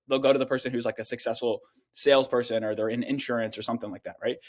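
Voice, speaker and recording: A man's voice: medium pitch, steady tone. A young man giving casual, blunt advice about making money online, swearing freely and filling his talk with slang and fillers. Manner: acts out other people's lines in quick quoted voices. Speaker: online business coach.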